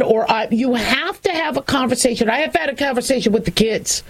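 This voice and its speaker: A woman's voice: fairly high pitch, normal speed, rough recording. A middle-aged woman hosting a talk show, speaking frankly and chattily with many restarts and asides. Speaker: talk show host, doctor. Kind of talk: casual talk radio monologue.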